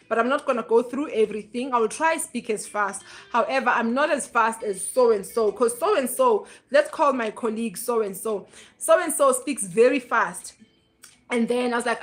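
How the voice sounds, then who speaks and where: A woman's voice: a little high, fairly bright tone. Chatty woman hosting a live stream. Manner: chatty, storytelling, asks viewers for likes. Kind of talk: casual live-stream talk.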